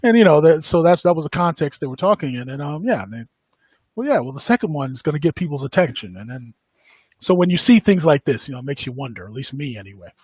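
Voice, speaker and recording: In casual livestream commentary, a podcast host rambles along with plenty of fillers and quick laughs. His voice sits a bit high for a man, a little mellow yet with a husky edge, and swings widely in pitch. The sound is dry and close, with no room around it.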